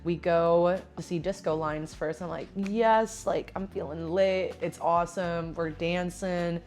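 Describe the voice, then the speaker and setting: A woman's voice: lowish voice, steady tone, a little slow, darkish tone. A woman in her twenties telling a casual storytime, chatty, laughing often and saying "like" a lot. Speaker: vlogger.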